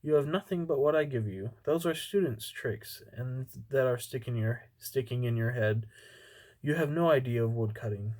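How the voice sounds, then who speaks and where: A man's voice: mid-range voice, normal speed, darkish tone, natural voice. A man voicing a grumbling old woodcutter who scolds his son, read plainly with stumbles and restarts. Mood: scolding.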